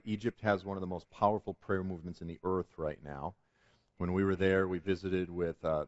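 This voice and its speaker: A man's voice: sits low, no echo, highs cut off. A man telling a testimony story as a guest on a Christian talk show, earnest and building to emphatic preaching. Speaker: guest speaker.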